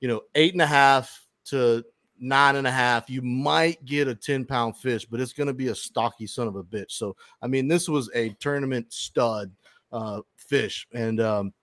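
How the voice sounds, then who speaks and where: A man's voice: medium pitch, unhurried, fairly bright tone, no echo, studio quality. A man hosting a fishing podcast, telling a long story in casual chat, rambling and swearing often. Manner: rambling, profane, with frequent restarts.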